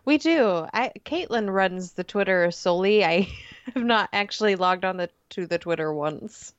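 Woman guest, mid pitch, dry, slightly dull sound, quick to laugh and rant. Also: smooth, dry recording. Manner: laughing, ranting, animated storytelling. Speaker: podcast guest. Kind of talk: casual podcast chat.

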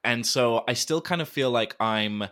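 A man hosting a podcast in casual chat, enthusiastic and quick to laugh, swearing freely. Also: mid-range voice, pushed and bright, clean tone. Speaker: podcast host.

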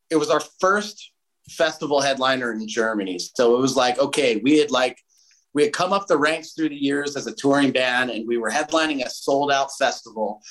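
A man's voice: medium pitch, rough recording. Swearing man telling a story. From United States. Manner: animated, swears casually, lots of fillers. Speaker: guest musician. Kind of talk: casual storytelling interview.

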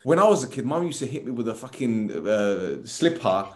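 A man's voice: mid-range voice, brisk, roomy sound. A man co-hosting a casual football podcast, joking and telling stories. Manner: joking, animated storyteller who slips into mock voices. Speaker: podcast co-host.

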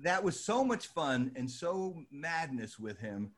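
An older man from New Jersey telling a lively anecdote, acting out the voices of the people in it. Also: on the high side, slow. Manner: lively, acts out voices in his story. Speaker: storyteller guest.

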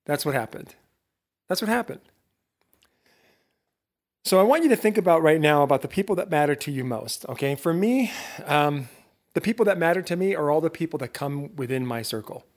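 Animated man talking straight to camera. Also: a little high, quick pace. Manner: animated, talks straight to the listener with rhetorical questions; self-interrupting, laughs at himself. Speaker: podcast host. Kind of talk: motivational talk to camera.

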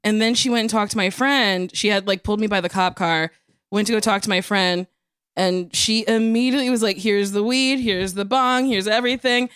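Casual podcast guest: woman in her thirties, smooth clear voice, mid pitch, lively story delivery, dry close mic. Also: a little fast, no echo. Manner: animated, acts out quotes in a higher voice. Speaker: comedian guest.

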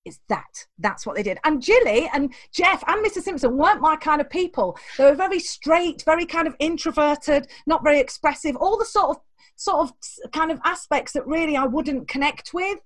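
A woman in an interview, telling animated stories from her life and acting out the voices of the people in them, often laughing. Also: high voice, moderate pace, no echo. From England. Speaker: guest, teacher trainer. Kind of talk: storytelling interview.

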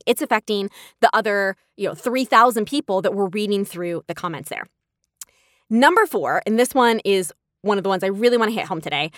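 Woman, 30s, podcast host, casual talk, animated storytelling, higher voice, dry close sound. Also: no room sound. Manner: animated storytelling, acts out quoted replies.

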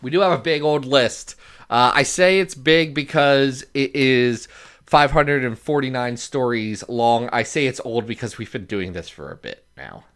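Animated male podcast co-host. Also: medium pitch, unhurried, clear, resonant tone. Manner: animated, lots of laughs and restarts. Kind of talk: casual chat.

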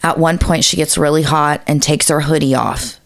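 A woman's voice: deep voice, steady tone, normal speed, creaky, no echo, clean studio sound. A woman co-hosting a podcast, telling a story in a casual, profane way with lots of fillers. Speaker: podcast co-host.

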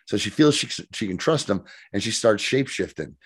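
Low-ish guy on a podcast, dry close mic, recapping the ep and cussing a lot. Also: a little fast, breathy edge, no room sound. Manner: profane, animated storyteller who acts out scenes. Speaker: podcast co-host. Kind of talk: casual chat recapping a TV episode.

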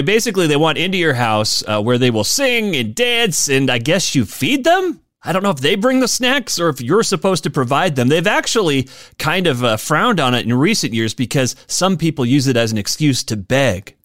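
A man's voice: dry recording, clean studio sound. A man hosting a podcast on his own, chatty and joking, laughing at his own asides. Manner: animated, swoops up and down in pitch. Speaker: podcast host. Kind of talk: casual solo podcast talk.

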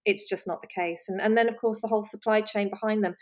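A chatty woman speaks as an interview guest. Her voice sits at an ordinary middle pitch. She laughs often and trips over her own restarts. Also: fairly even intonation, fast talker. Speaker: magazine editor, guest. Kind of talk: conversational interview.

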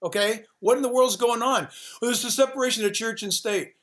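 A man's voice: very high-pitched, fairly bright tone. A man who is a pastor, talking with sermon-like passion and driving, repeated phrases. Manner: emphatic, rapid-fire repetition. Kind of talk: impassioned sermon-like talk.

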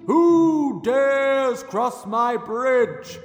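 A huge, grisly river troll booms out slow, shouted threats in a voice, as a man puts him on for a storybook. The delivery is drawn out and swings widely in pitch. Soft music plays behind. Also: animated, reverberant, big-room sound, full character voice. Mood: booming.

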